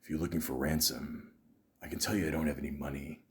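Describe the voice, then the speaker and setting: A man doing an impression of a grim middle-aged ex-agent threatening kidnappers, slow, low and menacing. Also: steady tone. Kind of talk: film-line impression.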